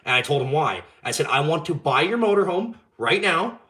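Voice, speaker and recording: A young man, hosting a live stream and telling a story in casual, animated chat, swearing freely and acting out the dialogue. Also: a little high, fairly quick. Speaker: channel host.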